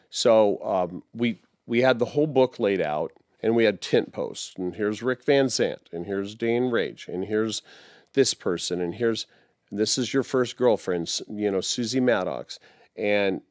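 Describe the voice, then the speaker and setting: A man in his sixties recounts old stories in a relaxed interview, wandering from detail to detail with plenty of fillers. His voice sits low, and the studio sound is dry and close. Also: no echo. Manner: rambling, anecdotal, many fillers. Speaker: guest musician and author. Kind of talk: casual interview storytelling.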